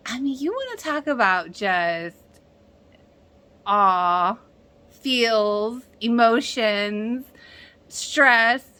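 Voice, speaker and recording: Woman vlogger, frank and excitable, lively swooping pitch, unhurried delivery; casual review, cursing and laughing freely.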